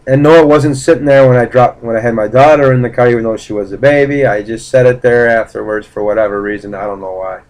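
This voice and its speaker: A man's voice: medium pitch, steady tone, quick pace, hardly any pauses, a little mellow, low-quality recording. A man casually recounting a personal story in a blunt, profane way, rambling with fillers and restarts. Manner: blunt, profane, indignant retelling. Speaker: vlogger.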